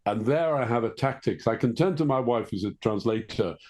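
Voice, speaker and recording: A man's voice: mid-range voice, animated, fairly quick, a little mellow. An older man, a guest author talking at length in a podcast interview, wordy and self-correcting, with dry asides. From England.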